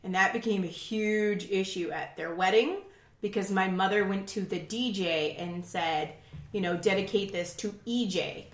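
A woman's voice: medium pitch, moderate pace. Chatty woman in an echoey room. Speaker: podcast co-host. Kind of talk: casual chat.

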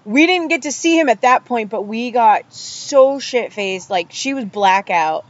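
A woman chatting casually as a podcast guest, telling animated stories and acting out what others said. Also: fairly high pitch, a little slow. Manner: animated storyteller, acts out quotes. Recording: dull lo-fi audio.

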